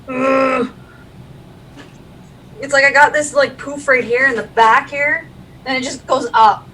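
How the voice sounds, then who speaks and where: A woman co-hosting a loose livestream chat, rambling from one topic to the next. Her tone is bright and a bit sharp. She sits back from the mic, and a faint hiss runs underneath. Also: high voice, fairly even intonation, recorded from a distance, rough recording. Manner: chatty, rambling, quick to laugh. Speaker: stream co-host.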